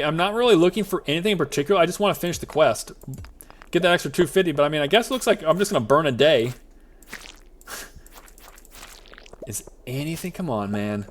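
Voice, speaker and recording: Male streamer, fairly high voice, jokey and rambling live gameplay commentary. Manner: rambling, jokey, self-talking asides. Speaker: VTuber streamer.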